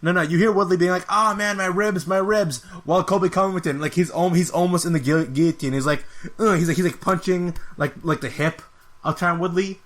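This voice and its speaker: A man's voice: on the high side, steady tone, quick pace. A man hosting a podcast, giving a casual, rambling fight review with an exasperated tone and lots of filler words. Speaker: podcast host.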